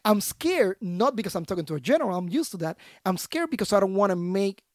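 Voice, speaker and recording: Animated man telling war stories. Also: high-pitched, fast talker, no echo, clean studio sound. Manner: animated, slangy, acts out other voices. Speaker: podcast guest, army veteran. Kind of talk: casual storytelling.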